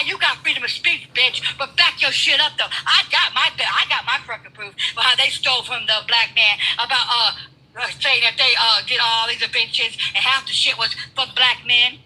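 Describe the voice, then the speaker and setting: A woman arguing heatedly and profanely on a live stream, often shouting and talking over the other person. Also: on the high side, husky, low-quality recording.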